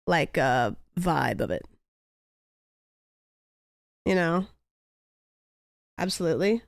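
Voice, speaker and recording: A woman's voice: medium pitch, darkish tone, no echo, studio quality. A young woman streamer in casual chat, rambling and musing aloud with lots of "like" fillers.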